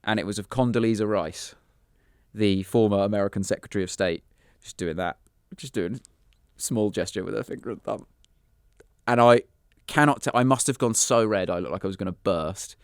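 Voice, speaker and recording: A man's voice: on the low side, fairly quick, smooth, dry recording, clean studio sound. A British man in his thirties, a comedian telling funny stories on a podcast and acting out voices. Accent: British English. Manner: animated, acts out voices in anecdotes. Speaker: comedian guest. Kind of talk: casual podcast storytelling.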